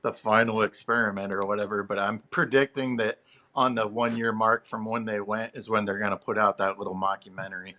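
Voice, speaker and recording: A man on a live panel, talking quickly in casual chat and laughing along. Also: lowish voice, fairly even intonation, pushed and bright. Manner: talks fast, laughs along. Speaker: panel member.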